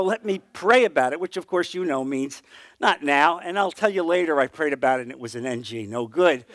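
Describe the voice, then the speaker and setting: Earnest high-voiced man teaching a Bible class. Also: no echo. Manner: earnest storytelling, voice dropping low and soft at emotional points. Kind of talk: conversational Bible teaching with personal testimony.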